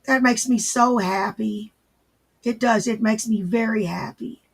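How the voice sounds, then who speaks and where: A man hosting a casual livestream, answering viewers in his chat and gently repeating his reassurances. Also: sits high, fairly even intonation, a little slow, creaky, breathy edge. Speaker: livestream host.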